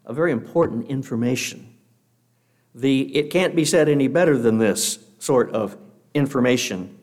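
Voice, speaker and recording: A man giving a sermon to a congregation, earnest and measured, slowing down to read scripture aloud. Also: medium pitch, a little mellow. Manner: guest speaker addressing a congregation. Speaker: preacher.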